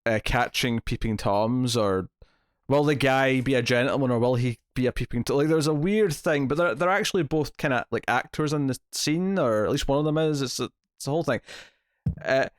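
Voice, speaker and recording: A male podcast host talking through a film in a loose, chatty way, circling back and restarting his sentences as he goes. His voice sits at an ordinary middle pitch. It is recorded close and dry, with almost no room sound. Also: a little fast, no room sound. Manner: rambling, self-correcting, laughs often. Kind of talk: casual movie review chat.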